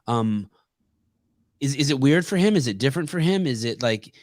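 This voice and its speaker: A man hosting a casual podcast, his middle-pitched voice recorded close and dry with no room sound. He stumbles into his questions, stopping and starting as he works out what he wants to ask. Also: animated, a little mellow, no echo. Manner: halting, restarts questions often. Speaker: podcast host.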